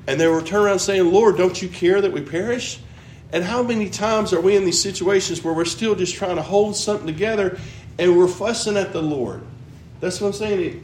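High-voiced preacher in an echoey room. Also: male voice. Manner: earnest, musing, asks questions aloud. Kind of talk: Bible teaching sermon. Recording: roomy echo with faint background noise.

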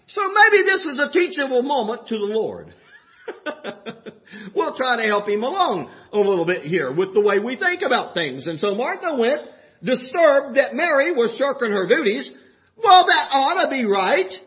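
A man preaching with a strikingly high, bright voice that swings lively up and down. He moves from folksy, chuckling asides into fervent, shouted exhortation. The recording is dull and lo-fi. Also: moderate pace. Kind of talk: sermon. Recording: dull lo-fi sound.

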